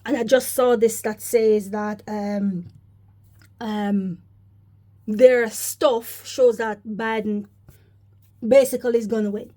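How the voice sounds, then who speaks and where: A woman's voice: on the high side, steady tone, slow pace, pauses often, mellow. A woman giving rambling religious commentary to her viewers, often calling them brothers and sisters. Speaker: religious vlogger. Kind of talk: casual spoken religious commentary.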